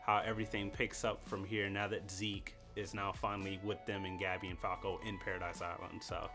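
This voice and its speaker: A man in a casual group chat, laid-back and quick to laugh. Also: low voice, level tone, music in the background.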